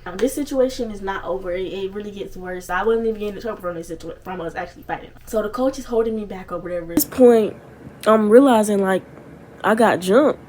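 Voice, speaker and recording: A young woman telling a story casually on her vlog, animated and swearing freely, with lots of asides. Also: mid-range voice, fast talker, far from the mic, low-quality recording. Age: young adult. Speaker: storytime vlogger.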